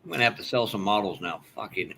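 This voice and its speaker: A man's voice: on the low side, animated, fast, creaky, pushed and bright, a little hiss or hum. A man in a casual live hobby chat, teasing the others with crude jokes.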